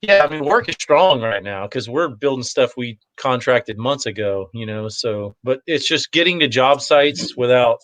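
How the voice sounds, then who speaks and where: A man's voice: medium pitch, expressive, normal speed, few pauses, fairly bright tone, no echo. A man talking as a guest in a casual chat, easygoing and rambling, with lots of fillers. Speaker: guest, competitive shooter.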